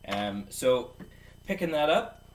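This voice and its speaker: A man teaches drums in a loose, jokey way and counts beats aloud. He sounds set back from the microphone, and a clear hiss of background noise runs under his voice. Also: medium pitch, very animated, takes it slowly, distant mic. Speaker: drum teacher. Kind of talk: casual video lesson.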